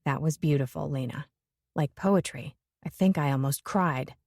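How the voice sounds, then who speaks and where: A woman narrator voicing a sardonic, brooding grown man, pitching her voice lower with a mocking drawl. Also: moderate pace, a little mellow, dry recording, clean studio sound.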